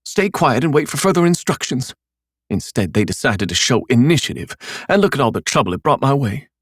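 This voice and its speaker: A man's voice: medium pitch, big pitch swings, fairly quick, breathy edge, no echo, clean studio sound, pitched above the performer's own voice. A man reading an audiobook, voicing a cold, bitter, scheming middle-aged mother who talks sullenly and sarcastically. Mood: resentful. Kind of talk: audiobook character voice.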